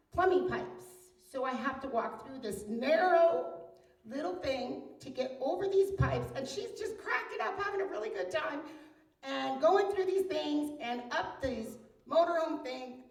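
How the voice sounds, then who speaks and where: Fifties mom, comic storyteller, lively and exaggerated, higher voice, distant echoey mic. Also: female voice, slow. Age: 50s. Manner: animated, exaggerated, swinging between hushed and loud. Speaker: mother telling a story. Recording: roomy echo, mic far off.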